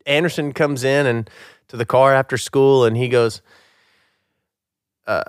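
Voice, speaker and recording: Middle-aged guy cohosting, smooth clear voice, animated and jokey, dry close mic. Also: medium pitch, unhurried, dry recording. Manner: animated, self-deprecating, laughs often. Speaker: podcast co-host. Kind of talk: casual chat.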